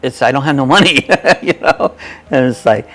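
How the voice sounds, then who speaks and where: A man's voice: medium pitch, animated, normal speed, fairly bright tone, soft background music. A man in his sixties hosting a live chat, talking in a folksy, rambling way, chuckling often as he reads viewers' comments aloud. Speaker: host of a live chat stream.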